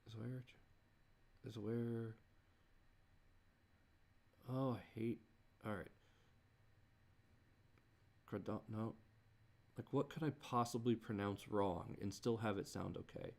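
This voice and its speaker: A man mutters to himself as he works through a song, slow and a little low. His voice has a gravelly fry, and his phrases stop and restart in frustrated groans. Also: darkish tone. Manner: halting, muttering, frequent restarts and self-directed groans. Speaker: creator working on a song. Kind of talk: thinking aloud while composing.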